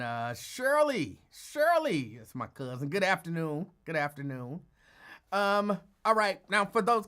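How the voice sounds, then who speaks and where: A man's voice: fairly high pitch, fairly bright tone. A man hosting a casual live call-in stream, greeting viewers by name in a rambling, self-correcting way that sometimes drops to a mutter. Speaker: host of a live call-in show.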